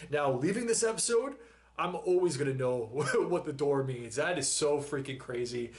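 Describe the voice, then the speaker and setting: A man's voice: fairly high pitch, expressive, moderate pace. A man hosting a reaction video, talking in a casual, rambling way while still emotional after crying, with frequent sighs and laughs. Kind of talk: casual chat.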